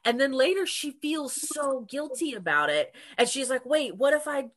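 Bright-voiced woman chatting about books. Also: high-pitched, normal speed. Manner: lively, laughs often, acts out characters' lines. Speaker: podcast co-host. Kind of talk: casual book discussion.

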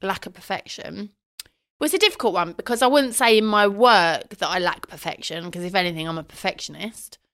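A woman, co-hosting a casual podcast, self-deprecating and quick to laugh. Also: medium pitch, fairly bright tone. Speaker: podcast co-host. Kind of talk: casual chat.

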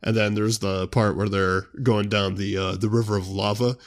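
His voice is lowish with little movement in pitch, and he keeps a moderate pace. A young man hosting his own show, he talks casually on his own, rambling and dropping "you know" constantly.

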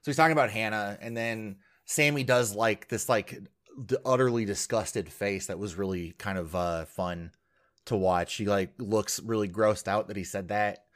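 A man with a lowish voice talks through a reality show episode in a loose, rambling way, dropping fillers and laughing as he goes. It's relaxed conversation among friends. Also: moderate pace. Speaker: podcast co-host. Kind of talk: casual chat recapping a reality show.

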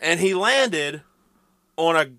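A man with a bright, forward tone and a slightly high pitch co-hosts a casual podcast chat. He sounds laid-back and jokey, drawing out his phrases. The sound is dry and close. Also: lively intonation, slow, no echo. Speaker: podcast co-host.

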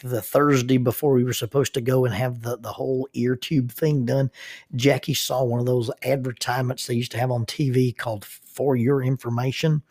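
Podcast host: middle-aged man, gravelly, husky, folksy storyteller. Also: mid-range voice, a little mellow, dry recording, clean studio sound. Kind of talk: podcast storytelling with sponsor reads.

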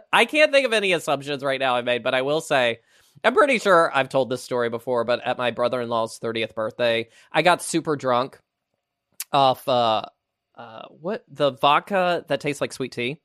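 A man's voice: medium pitch, moderate pace, no echo, studio quality. A man hosting a casual podcast chat, reading out questions and joking around with his guest. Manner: animated, jokey question-asker. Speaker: podcast host.

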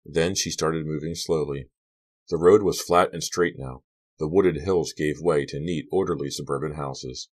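Very deep-voiced male audiobook narrator. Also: moderate pace.

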